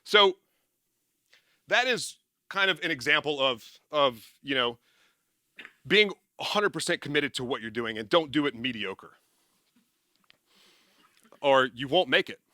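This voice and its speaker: A man giving a casual motivational talk to an audience, energetic and rambling, often correcting himself and laughing at his own slips. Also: mid-range voice, measured pace, pauses often, no echo, studio quality. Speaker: former military speaker and success coach.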